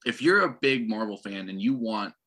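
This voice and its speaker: Sardonic, rambling man with a forceful voice. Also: on the low side, lively intonation, moderate pace. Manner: rambling, sardonic, opinionated, lots of fillers. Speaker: podcast co-host. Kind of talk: casual chat reviewing movie trailers.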